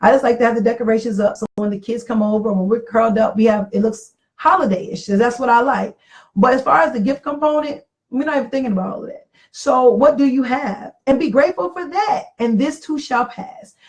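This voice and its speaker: A woman's voice: a little high, fairly quick, a little mellow, low-quality recording. A middle-aged woman in casual talk about marriage, earnest and reflective, repeating phrases for emphasis. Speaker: podcast co-host.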